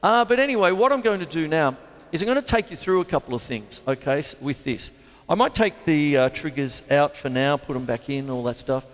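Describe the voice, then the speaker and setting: Chatty drum teacher. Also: male voice, fairly high pitch, expressive, brisk, long reverb tail. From Australia. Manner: chatty, rambling, laughs at his own jokes. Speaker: drum teacher and show host. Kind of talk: casual livestream drum lesson.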